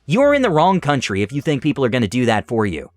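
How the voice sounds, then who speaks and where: A man voicing a calm, polite male petrol station attendant. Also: mid-range voice, fast talker, no room sound. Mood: firm. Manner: polite, firm.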